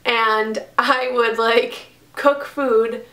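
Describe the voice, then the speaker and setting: A woman's voice: a little high, steady tone, very slow, sharp tone, reverberant. A young woman vlogger retelling a story casually, exasperated and swearing freely. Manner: profane, exasperated retelling with acted quotes.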